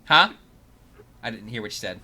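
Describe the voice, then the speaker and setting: A man narrating a tabletop game as dungeon master, describing scenes slowly with pauses and fillers. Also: lowish voice, expressive, pushed and bright.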